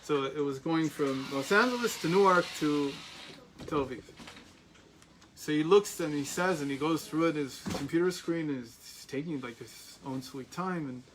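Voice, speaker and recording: A man's voice: a little high, moderate pace, slight background noise, poor audio. Chatty American man telling a story. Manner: chatty, anecdotal, many restarts and asides. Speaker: teacher. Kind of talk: storytelling lecture. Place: classroom.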